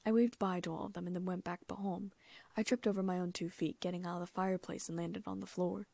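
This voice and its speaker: A woman narrating a first-person fan fiction audiobook in a lively, amused way, close to the mic. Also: lowish voice, fast, gravelly, dry recording.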